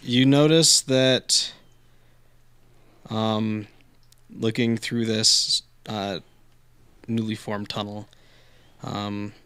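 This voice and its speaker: Game master, man, low smooth voice, dry and close, loose rambling narration. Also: steady tone, extremely slow, long pauses, a bit bright, no room sound. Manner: loose narration, many ums and likes, corrects himself.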